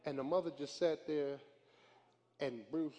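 A male pastor preaching a sermon in a church, moving from soft, quick storytelling to drawn-out shouted lines. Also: a little high, fairly even intonation, in a large hall. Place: church sanctuary.

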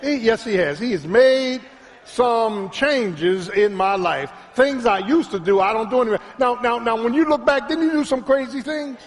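A man preaching a sermon as pastor, trading calls with the congregation and swinging between quiet storytelling and shouted peaks. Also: normal speed. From Philadelphia. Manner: preaching with call-and-response, rising to shouts; drops to a low, quiet storytelling voice. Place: church sanctuary. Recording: long hall reverb in a church.

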